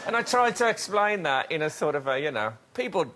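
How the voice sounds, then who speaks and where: A man's voice: a little high, very animated, brisk. A man hosting a comic panel show, telling joking anecdotes in casual chat, recorded in a TV studio with audience noise. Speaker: host.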